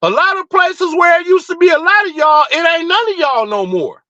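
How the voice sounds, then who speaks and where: Animated and brisk, a man with a very high, bright, forceful voice rants as host of a livestream. There's no echo and the audio is dull; his fired-up tirade is blunt and profane, laced with rhetorical questions.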